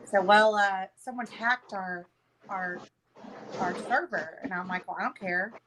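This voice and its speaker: A woman in her thirties, a podcast guest telling a story in casual chat with a profane, animated manner. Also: mid-range voice, a little slow, noisy background.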